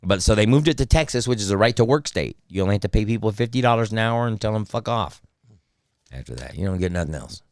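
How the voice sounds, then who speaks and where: A man's voice: fairly low pitch, expressive, racing, hardly any pauses, darkish tone, no echo, clean studio sound. A man who is a comedian and voice actor, telling stories in casual podcast chat with lots of swearing and fillers. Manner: storytelling, profane, lots of fillers. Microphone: studio microphone.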